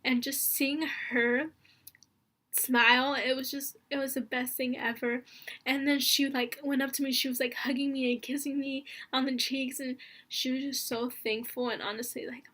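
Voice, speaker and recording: Earnest young woman vlogger, slightly high. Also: flat delivery, moderate pace, fairly bright tone. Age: young adult. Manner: rambling, earnest, heavy use of fillers like "like" and "honestly"; emotional, close to tears. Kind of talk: casual storytelling vlog.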